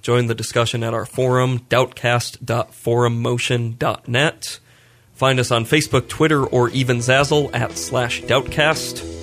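A man with a middle-pitched voice hosts a podcast. He chats casually and drops dry quips between points. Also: flat delivery, a bit bright, soft background music. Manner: wry, quick quips. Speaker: podcast host. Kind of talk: casual discussion.

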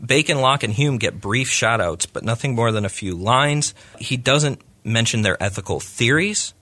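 Podcast co-host, male, bright tone, animated casual critique. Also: mid-range voice, moderate pace. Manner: animated, puts on voices when retelling. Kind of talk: casual discussion, book critique.

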